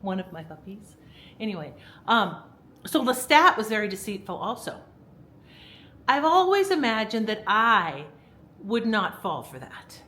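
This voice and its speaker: A woman's voice: mid-range voice, sing-song, a little slow, pauses often, sharp tone, poor audio. A woman vlogging at home in a casual, rambling storytelling style, with lots of fillers and restarts. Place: at home, indoors.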